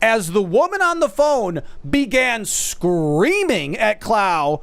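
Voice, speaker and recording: High-voiced male streamer, animated storyteller, dry close sound. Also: takes it slowly, few pauses, clean tone, dry recording. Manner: talks straight to the audience as folks. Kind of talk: casual storytelling.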